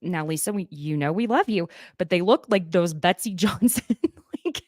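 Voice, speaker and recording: Chatty Southern woman, low voice. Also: expressive, normal speed, a little mellow, no echo, clean studio sound. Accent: Southern American. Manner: chatty, laughs often, reads quotes aloud. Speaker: podcast host. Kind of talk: casual gossip recap.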